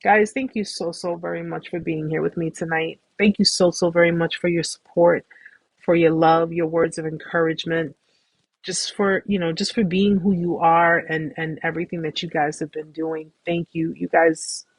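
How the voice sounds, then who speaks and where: A woman hosting a live stream, talking casually and at length, warmly repeating reassurances to her viewers. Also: on the low side, steady tone, normal speed, slightly rough, no room sound. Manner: warm, effusive, repetitive reassurance; talkative, rambling with restarts. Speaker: host of a support live stream.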